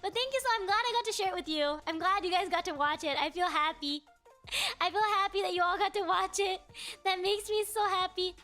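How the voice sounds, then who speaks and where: A young woman streamer with a very high, bright voice chatting casually with her viewers. She is bubbly and playful, gushing thanks over and over, then drops to a softer mumble when she muses. Faint music plays behind her. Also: brisk. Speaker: VTuber streamer. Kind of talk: casual livestream chat.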